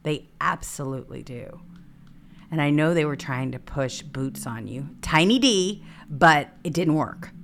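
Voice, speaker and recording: Low-voiced woman hosting political talk. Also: expressive, unhurried, vocal fry, slight background noise. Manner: indignant, reads headlines aloud. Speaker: host. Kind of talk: political talk show commentary.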